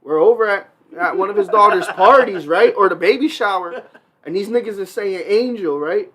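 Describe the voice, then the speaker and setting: A man on a casual podcast, bantering with lively, profane storytelling and acting out quotes. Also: high-pitched, moderate pace. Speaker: podcast co-host. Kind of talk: casual chat.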